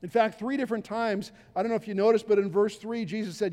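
A man's voice: high voice, a little fast, few pauses, darkish tone, in a large hall. An older man preaching a conversational sermon as pastor in a church, often acting out the people he quotes. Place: church sanctuary.

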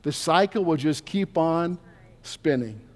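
In a church sanctuary with long reverb, a male pastor preaches earnestly to his congregation, voicing prayers and God's replies as quoted speech. His voice is fairly high, animated, a little mellow and unhurried.

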